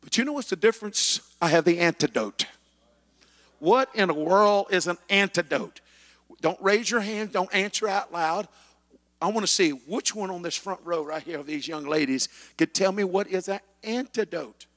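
A man preaching a sermon as pastor, building to shouted passages with scripture quotes in a church. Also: high voice, moderate pace, in a large hall. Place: church sanctuary.

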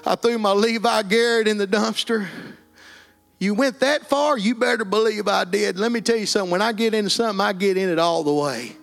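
Telling his life story with earnest plainness, a middle-aged guest from Texas with an East Texas accent delivers an emotional testimony. He speaks a little fast in a high, slightly bright voice marked by vocal fry.

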